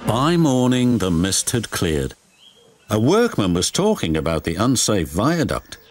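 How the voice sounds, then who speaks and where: A man reading a children's story aloud, slow and expressive. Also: on the low side, a little hiss or hum. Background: music.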